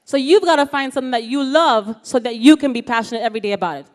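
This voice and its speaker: A woman giving a lively motivational talk at a youth ceremony, animated and often asking the audience questions. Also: on the high side, fast. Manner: animated, asks the audience questions, calls out "yes, yes?". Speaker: motivational speaker. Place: ceremony hall.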